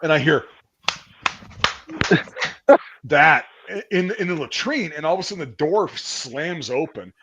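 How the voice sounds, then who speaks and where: A stream host tells stories in a casual, profane and rambling way, animated throughout. His voice is on the high side, moving at normal speed with few pauses, and the audio is dull with background noise.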